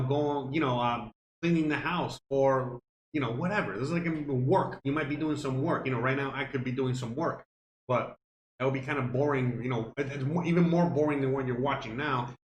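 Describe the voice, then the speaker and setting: A man's voice: medium pitch, moderate pace, slight background noise. Chatty man on a cooking stream. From Cuba. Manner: rambling, profane, chatty asides. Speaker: cooking live stream host. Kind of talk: casual live stream chat. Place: home kitchen. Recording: echoey room with faint music.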